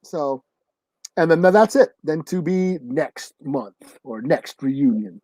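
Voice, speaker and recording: Halting podcast co-host, dry sound. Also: mid-range voice, expressive, mellow, no echo. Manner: halting, restarts, casual swearing. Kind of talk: casual comic book review chat.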